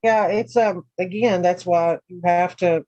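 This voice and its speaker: A woman's voice: fairly low pitch, steady tone, a little slow, dark tone, dry recording, highs cut off. A woman from Middle Tennessee with a Tennessee accent, hosting a casual livestream chat in a frank, sarcastic way, from her home. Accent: Tennessee Southern. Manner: frank, sarcastic, chatty with frequent asides. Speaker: livestream host.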